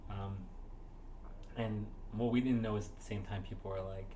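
A friendly, easygoing man chats through a casual interview. His voice sits a little low. Faint background noise runs under him. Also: steady tone, normal speed, warm tone, low-quality recording. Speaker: podcast guest.

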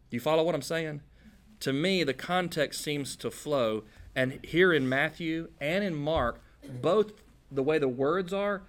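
A male preacher teaching scripture in a relaxed, chatty way. He jokes and drops folksy slang, and his pitch sits mid-range for a man. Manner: casual and joking, with folksy slang. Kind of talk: conversational Bible-teaching sermon.

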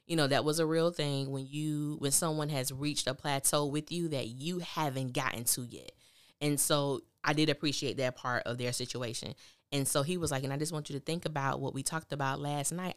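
A woman's voice: deep voice, moderate pace, no echo, studio quality. A woman hosting a podcast, recapping a TV drama in candid, opinionated casual talk and acting out the characters' lines. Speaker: podcast host reviewing a TV drama.

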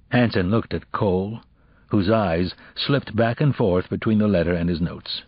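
A man narrating an audiobook in a measured storytelling manner. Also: low voice, husky, no echo. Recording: dull, dry audiobook recording.

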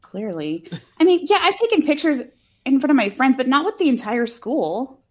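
Female co-host, a bit high-voiced; loose, snarky, conversational movie rundown. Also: big pitch swings, moderate pace, darkish tone. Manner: chatty, filler-heavy, sarcastic, swears. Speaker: podcast co-host. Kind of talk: casual movie recap chat.

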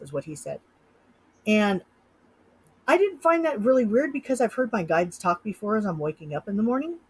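A woman's voice: medium pitch, very animated, moderate pace, darkish tone, breathy edge, low-quality recording. A middle-aged woman from Utah, a hypnotist guest in an interview, telling a personal story with animation and acting out her own thoughts. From Utah, USA.

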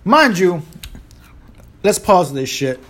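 A Puerto Rican man in his thirties talks alone into a close podcast mic, swearing freely as he rambles and jokes. His voice sits high and swings widely up and down. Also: big pitch swings, takes it slowly, fairly bright tone. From Puerto Rico. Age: 30s. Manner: profane, rambling and joking. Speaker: podcast host. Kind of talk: casual monologue.

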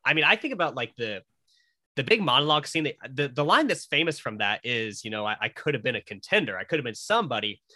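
A man's voice: medium pitch, lively intonation, fast, bright, forceful tone, no echo. A man co-hosting a casual movie podcast, talking thoughtfully about films. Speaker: podcast co-host.

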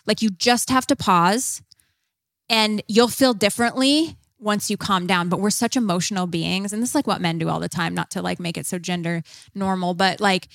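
A woman's voice: mid-range voice, moderate pace, gravelly, a bit bright, dry recording. A woman guest on a podcast interview, talking casually with lots of "like" fillers and acting out quoted lines. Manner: chatty, many "like" fillers, acts out quoted lines.

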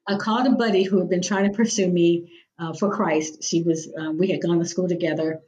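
A woman with a fairly low speaking voice shares personal faith experiences as a podcast guest. She tells her stories vividly and acts out what other people said. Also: fairly even intonation, fairly quick, darkish tone, muffled recording, a little hiss or hum. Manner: vivid storyteller who acts out quoted voices. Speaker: guest, executive director of a nonprofit.

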